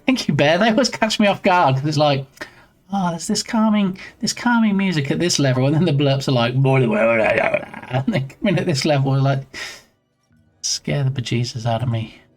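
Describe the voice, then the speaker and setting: A man's voice: on the high side, lively intonation, moderate pace, faint music behind. A man chatting casually on his game development live stream, playful and reading viewer messages aloud.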